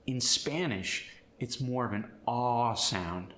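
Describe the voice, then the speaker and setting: A man teaching pronunciation as an accent coach, demonstrating sounds in an animated, hands-on way. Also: medium pitch, slow pace, echoey room. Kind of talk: instructional pronunciation tutorial.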